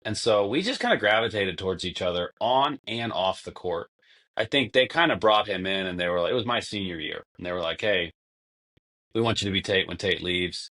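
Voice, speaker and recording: Low-voiced man telling long stories. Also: animated, a little fast, sharp tone. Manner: long-winded storytelling, acts out quotes. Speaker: podcast guest, former basketball player. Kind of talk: casual conversation.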